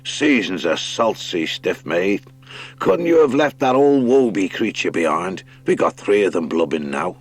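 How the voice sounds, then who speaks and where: A man voicing a hearty, gruff otter captain in a storybook reading. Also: low-pitched, very animated, unhurried, heavily acted. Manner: hearty, says mate.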